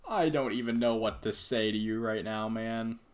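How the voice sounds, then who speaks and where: With a lowish voice at a normal speed, a man who makes gaming videos on YouTube comments casually on a hockey game he's playing. He sounds exasperated and sarcastic, often muttering under his breath.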